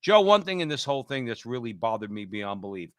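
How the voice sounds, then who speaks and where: A man's voice: medium pitch, big pitch swings, fast talker, a bit bright, dry recording, clean studio sound. A man co-hosting a political talk show, heated and emphatic, often repeating himself as he builds his point. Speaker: co-host.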